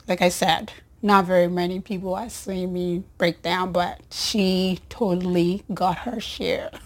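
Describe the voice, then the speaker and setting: Slow-speaking emotional nurse woman. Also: fairly low pitch. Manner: emotional, warm-hearted, rambling with restarts and soft laughs. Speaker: nurse and show host. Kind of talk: personal storytelling to an audience.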